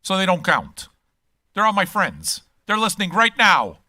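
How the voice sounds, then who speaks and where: An older man talks in a blunt, teasing, profane way as a channel host. His voice sits a bit high and sounds bright and forceful. The sound is dry and close. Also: huge pitch swings, moderate pace, no room sound. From Quebec. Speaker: music reaction channel host. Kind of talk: casual chat.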